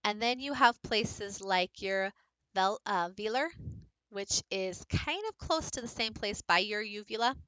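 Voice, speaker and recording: A woman's voice: medium pitch, a little slow, fairly bright tone, clean tone, no echo, low-quality recording. A woman presenting a lesson to teachers, explaining speech sounds in a practical, direct way. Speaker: teacher presenting a book study. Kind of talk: recorded lecture presentation.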